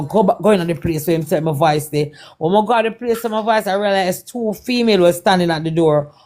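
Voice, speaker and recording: A woman with a Jamaican accent and a somewhat low voice recounts a personal testimony as a guest. Her talk is laced with Patois, loops back on the same phrases, and acts out the exchanges she describes. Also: darkish tone. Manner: Patois-laced, repetitive retelling with quoted dialogue. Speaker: guest performer. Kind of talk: testimony storytelling.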